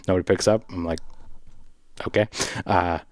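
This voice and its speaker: A man with a lowish voice tells a long story in a casual podcast chat, laughing often and jumping into a higher voice to act out the people in it. The sound is close and dry, with no room echo. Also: fairly even intonation, normal speed. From Vancouver, Canada. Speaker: podcast host.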